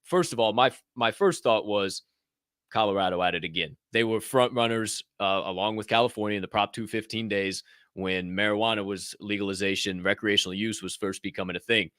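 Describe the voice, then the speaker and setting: A man hosting a podcast, running through news in an animated, joking way, swearing and ranting as he goes. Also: fairly low pitch, fairly quick, dry recording, studio quality. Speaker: podcast host. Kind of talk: energetic news rundown.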